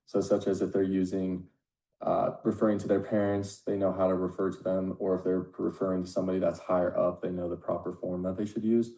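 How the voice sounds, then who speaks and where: A man's voice: deep voice, little pitch movement, fairly quick, creaky, mellow, reverberant. A man presenting on language learning in a loose, rambling way, trailing off as he goes. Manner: loose, rambling, with fillers and restarts. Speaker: student presenter. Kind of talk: loosely read educational presentation.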